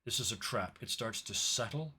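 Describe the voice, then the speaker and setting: A man's voice: fairly low pitch, lively intonation, normal speed, bright, forceful tone, slightly rough. A young adult man narrating a tabletop game as game master, storytelling with added sound effects.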